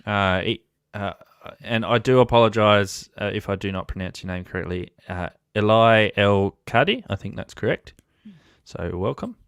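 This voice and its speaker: Australian man hosting, smooth lowish voice. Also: animated, moderate pace, fairly bright tone, no room sound, studio quality. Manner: laughs often, joking banter, reads out chat comments. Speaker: host of a ham radio channel. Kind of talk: casual live-stream chat.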